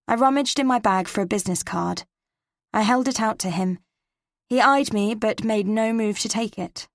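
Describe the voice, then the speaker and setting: Gravelly English woman narrating. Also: on the high side, moderate pace, no echo, studio quality. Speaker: audiobook narrator. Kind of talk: first-person scripted narration.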